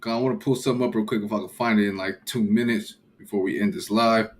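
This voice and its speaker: A man's voice: on the low side, steady tone, fast, slight background noise. Laid-back man chatting about scripture. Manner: laid-back, slangy, restarts often. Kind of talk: casual scripture discussion on a livestream.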